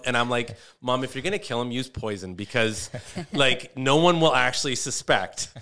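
A Canadian comedian appears as a podcast guest, chatting casually and telling rambling stories about his family. His voice is medium-pitched with a sharp edge, moving at a normal speed. He meanders as he tells them, often restarting his sentences.

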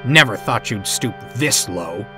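A man's voice: medium pitch, animated, a little slow, over music, lightly acted. A man voicing a proud, indignant big male steam engine who demands answers accusingly.

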